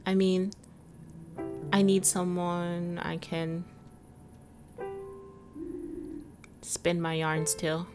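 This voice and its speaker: A woman voicing a frail elderly female porcupine patient who tells gentle stories, reading the lines softly and without hurry. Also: fairly low pitch, normal speed, music in the background, close to an everyday voice.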